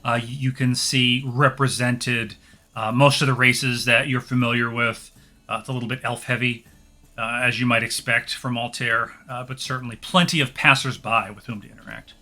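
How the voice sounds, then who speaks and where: A man's voice: mid-range voice, little pitch movement, normal speed, sharp tone, soft background music. A man narrating as game master for a tabletop game, descriptive and hesitant with many fillers.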